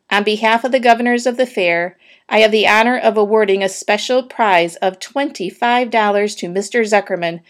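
A woman's voice: medium pitch, lightly acted. A woman voicing a pompous male county fair announcer who makes grandiose, flowery speeches in a storybook reading.

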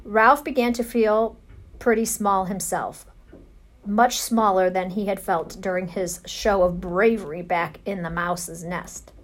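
A woman reading a children's storybook aloud, gentle and unhurried. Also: medium pitch, fairly even intonation. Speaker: narrator.

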